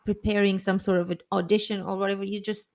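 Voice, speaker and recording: A woman in her twenties co-hosting a casual chat, relaxed and agreeable with lots of fillers. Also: medium pitch, fast. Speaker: co-host.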